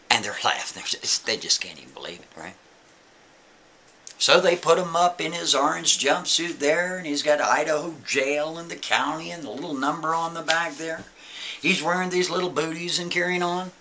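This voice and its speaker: A man telling a story in a lively, emphatic, casual way, talking straight to the listener. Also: fairly high pitch, normal speed.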